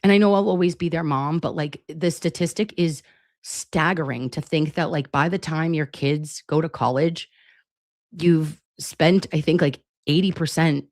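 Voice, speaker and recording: A woman's voice: sits low, darkish tone, no room sound, studio quality. A woman in her forties from Massachusetts, hosting a casual livestream chat in a chatty, profane way, full of "like.". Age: 40s. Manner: chatty, profane, many "like" fillers. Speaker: livestream host.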